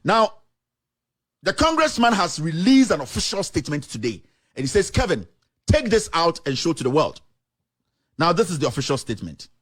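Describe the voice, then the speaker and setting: A man's voice: fairly high pitch, sing-song, moderate pace, long pauses, fairly bright tone, breathy edge, no echo. A man with a Ghanaian accent, a journalist reading out official statements with emphatic commentary. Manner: emphatic, reads statements aloud, slips into local language. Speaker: journalist presenting documents. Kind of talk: animated commentary to camera.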